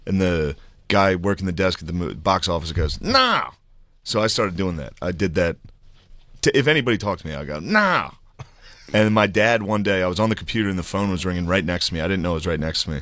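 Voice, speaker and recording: A man's voice: low-pitched, fast talker, no echo. A man telling profane comedic stories on a podcast and acting out the quotes. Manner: profane, animated, acts out quotes. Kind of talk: casual comedic storytelling.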